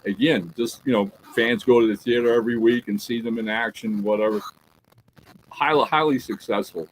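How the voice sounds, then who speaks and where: A man co-hosting a casual podcast, telling a story with animated delivery and checking in with "right?" and "all right?" as he goes. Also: mid-range voice, normal speed, a little hiss or hum, poor audio. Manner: animated storyteller who acts out quoted dialogue; peppers talk with "right?" and "all right?". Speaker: podcast co-host.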